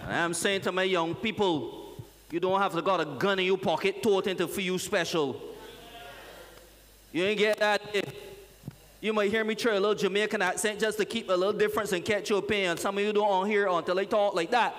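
A man, a pastor preaching a lively, joking sermon and calling out to his congregation. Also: sits high, brisk. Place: church sanctuary. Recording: reverberant church hall.

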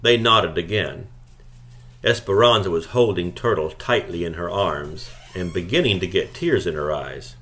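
A man narrating a novel chapter aloud in a calm, steady storytelling manner. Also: low-pitched, moderate pace. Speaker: audiobook reader. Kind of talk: scripted narration.

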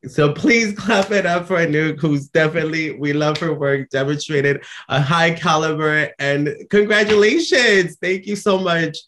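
A man presenting at an online ceremony, speaking warmly and effusively with frequent filler words. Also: a little high, normal speed, hardly any pauses, a little hiss or hum. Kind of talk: ceremony announcement.

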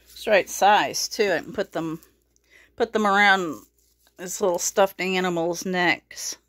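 A woman's voice: fairly low pitch, steady tone, measured pace, fairly bright tone, no room sound. A woman hosting a casual pet unboxing vlog, talking fondly to her rabbits and a little out of breath. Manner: cooing baby talk to her rabbits. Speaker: pet channel host.

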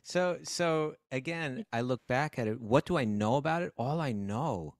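A man co-hosting a casual spiritual talk, speaking slowly and reflectively. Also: medium pitch, lively intonation, dry recording, clean studio sound. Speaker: podcast co-host.

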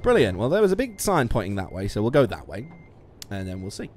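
Man, game streamer, casual chat, animated pitch, sweary, laughing at himself, faint background noise. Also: quick pace. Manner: sweary, self-mocking, laughs a lot. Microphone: studio musician mic.

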